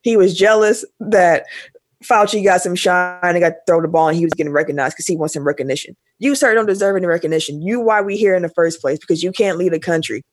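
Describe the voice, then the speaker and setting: A man's voice: sits high, fast, dry recording. Fired-up, emphatic male podcast host. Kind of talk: casual podcast chat.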